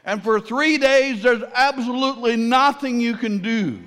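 A man's voice: very high-pitched, unhurried, a bit bright, big-room sound. A man preaching a sermon, asking his listeners questions and repeating key phrases for emphasis.

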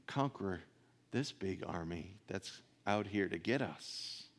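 A man voicing an anxious young male servant who asks fretful, pleading questions, his pitch raised well above his own. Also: animated, slow, full character voice. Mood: alarmed.

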